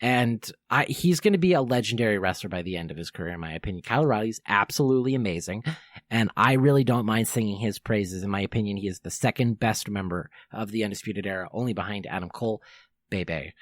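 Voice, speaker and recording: A man's voice: lowish voice, fast talker, dry recording. A young man hosting a podcast, giving an enthusiastic fan's countdown commentary that rambles with fillers and self-corrections. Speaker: podcast host.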